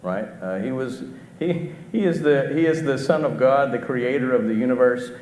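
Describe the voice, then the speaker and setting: Preacher asking questions in an echoey church hall. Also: male voice, medium pitch, a little mellow. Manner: asks the congregation questions, halting restarts. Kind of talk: conversational sermon. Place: church auditorium. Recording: echoey hall with faint background noise.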